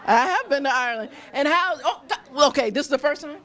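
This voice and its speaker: A woman's voice: high voice, expressive, fast talker, a bit bright, a faint crowd. A woman hosting on location in a restaurant, chatting with diners in a bubbly, gushing way and laughing often. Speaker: on-location host interviewing diners. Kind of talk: upbeat casual interviewing. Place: busy restaurant.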